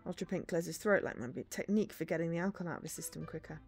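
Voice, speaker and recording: A woman's voice: on the low side, fast talker, hardly any pauses, soft background music. A woman streamer reading a story game aloud, with dry, sarcastic asides.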